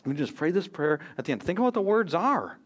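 Earnest higher-voiced American preacher. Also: male voice, big pitch swings, fast. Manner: earnest, emphatic preaching with quoted speech and brief singing. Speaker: pastor. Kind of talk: sermon.

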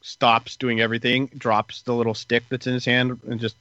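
A man talks through a plot recap in a loose, rambling way, full of "uh" and "like". His voice is bright and sits in a dry, close space. The sound is a little dull and lo-fi. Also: mid-range voice, moderate pace, no echo. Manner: relaxed, rambling retelling with many fillers. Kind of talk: casual podcast recap chat.

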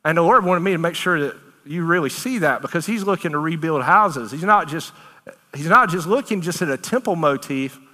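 Male preacher, bright and forceful, emphatic and conversational, long hall reverb. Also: on the high side, brisk. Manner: animated, emphatic, conversational preaching with Southern turns of phrase. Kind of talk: sermon.

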